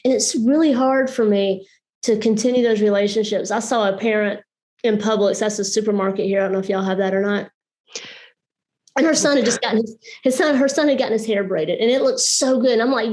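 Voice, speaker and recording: A woman's voice: on the high side, brisk, a little mellow. A woman teacher, chatting casually as a guest speaker and acting out quoted voices. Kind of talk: casual online talk.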